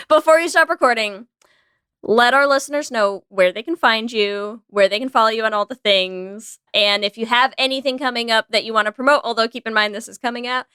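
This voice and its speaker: An American woman co-hosting a podcast, upbeat and quick to laugh in casual chat. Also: a little high, bright, forceful tone, smooth, no room sound, studio quality. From United States. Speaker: podcast co-host.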